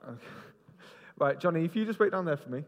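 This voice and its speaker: Man, preacher, lively and jokey, fairly high voice, long echo of a big hall. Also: fast. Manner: lively, jokey, directing people on stage. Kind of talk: interactive sermon with volunteers. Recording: long reverb in a large hall.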